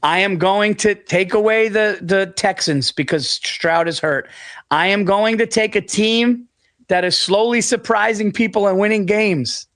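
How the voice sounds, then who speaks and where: A man with a fairly high voice chats casually about sports picks. He is blunt and profane, and he cracks himself up. The sound is dry and close, with little room around it. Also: measured pace, fairly bright tone, no echo. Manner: blunt, profane, laughs at his own jokes. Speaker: podcast co-host.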